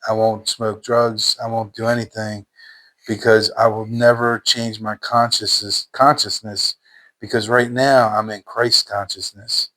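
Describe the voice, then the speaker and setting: A man's voice: on the low side, level tone, unhurried, bright, forceful tone. A man telling his personal faith testimony in a fervent, emphatic way, repeating phrases in casual everyday speech.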